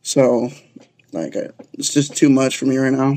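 A young man telling a gaming story in casual podcast chat, excitable and swearing freely, calling people bro. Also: mid-range voice, moderate pace. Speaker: podcast guest.

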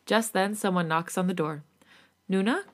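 A woman podcast host reading a romantic fan fiction story aloud in a casual, animated and sometimes giggly way. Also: fairly low pitch, a little fast.

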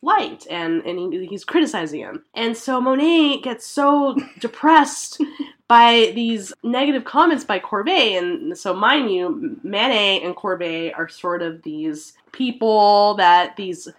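A woman hosting a casual chat podcast, telling a story in an animated way and laughing now and then. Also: medium pitch, slow. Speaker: podcast host.

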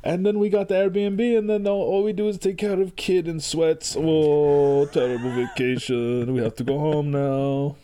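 A man's voice: on the high side, fairly even intonation, normal speed, few pauses, mellow, a little hiss or hum, pitched above the performer's own voice, natural voice. A man voicing a vacationing parent from Montreal in a mock Quebecois accent, breezy and overplayed. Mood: giddy.

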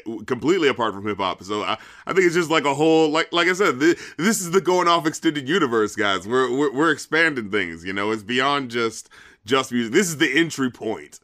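Bright-voiced Southern man, rambling. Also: medium pitch. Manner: rambling, heavy on fillers like "you know what I mean". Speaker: podcast host. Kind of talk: casual podcast chat.

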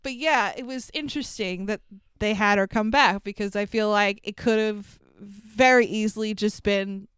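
A woman's voice: medium pitch, normal speed, a bit bright, smooth, no room sound, studio quality. A woman in casual conversation about a film, chatty and opinionated, who laughs often. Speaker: podcast co-host. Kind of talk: casual movie recap chat.

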